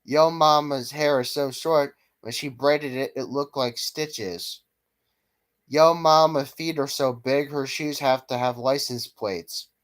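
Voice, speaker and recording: A man's voice: medium pitch, slow. Man reading a string of jokes. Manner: steady reading cadence, occasional stumbles. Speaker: vlogger.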